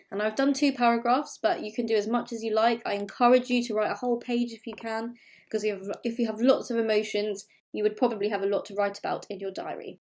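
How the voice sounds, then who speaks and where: A woman with an English accent, teaching a recorded remote lesson to young pupils and clearly explaining and stressing key words. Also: mid-range voice, darkish tone. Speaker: primary school teacher.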